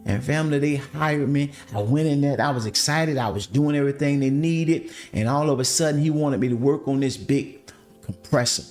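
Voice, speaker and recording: Animated man telling his story. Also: mid-range voice, normal speed, faint music behind. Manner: animated, addresses listeners as family. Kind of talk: casual testimony storytelling.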